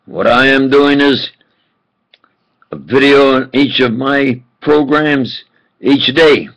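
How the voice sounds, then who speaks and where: A man delivering an impassioned political rant as a self-styled preacher, swinging from low muttering to shouted outbursts and repeating himself for emphasis. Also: takes it slowly, rough recording. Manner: repetitive, emphatic.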